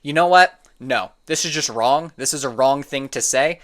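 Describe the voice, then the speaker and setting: Guy ranking basketball hot takes, casual, opinionated, gets worked up fast. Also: medium pitch, a bit bright. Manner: opinionated, gets heated and exasperated. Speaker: sports content creator. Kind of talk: casual reaction commentary.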